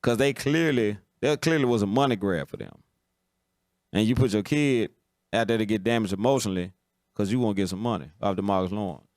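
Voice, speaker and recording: A man's voice: fairly low pitch, brisk, a little mellow, no echo, clean studio sound. A man hosting a live football talk stream, giving blunt opinions in casual commentary and often checking "you understand?".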